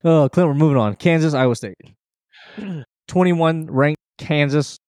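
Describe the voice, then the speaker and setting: A man's voice: on the high side, unhurried, darkish tone, no room sound, studio quality. A man co-hosting a casual college football podcast from home, playful and teasing, bragging about his picks. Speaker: podcast co-host. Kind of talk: casual sports podcast chat. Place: at home, leaking kitchen ceiling.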